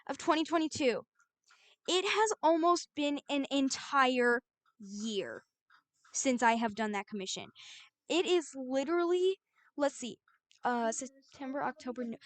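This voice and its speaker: A young woman artist recounts her stories in a lively, exasperated way. Her voice sits high. The recording is close and dry. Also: no room sound. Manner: animated, exasperated storytelling. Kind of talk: storytime vlog.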